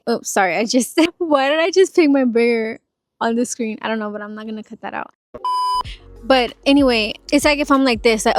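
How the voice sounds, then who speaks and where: A woman's voice: on the high side, moderate pace, soft background music. Chatty young woman giving sales tips. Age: 20s. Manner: chatty, animated, demonstrates phone voices. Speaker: insurance sales agent. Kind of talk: casual advice vlog.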